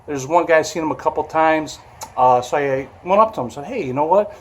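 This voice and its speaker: A man's voice: on the high side, fairly quick, fairly bright tone, slight background noise. A man, hosting a casual vlog and talking in a rambling, hesitant way with many fillers. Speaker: vlog host, vehicle restorer. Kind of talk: casual chat.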